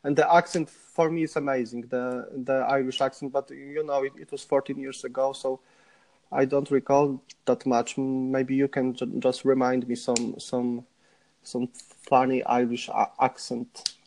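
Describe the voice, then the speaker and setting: Halting Polish-accented man. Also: medium pitch, flat delivery, darkish tone, a little hiss or hum. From Poland. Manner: halting, many repeated starts. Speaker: podcast guest. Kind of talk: casual interview.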